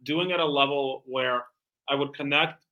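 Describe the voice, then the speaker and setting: A middle-aged man, a guest in an interview, telling animated stories about his sales career and acting out phone calls. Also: medium pitch, normal speed, highs cut off. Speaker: guest, bespoke tailor and founder. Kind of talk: casual interview storytelling.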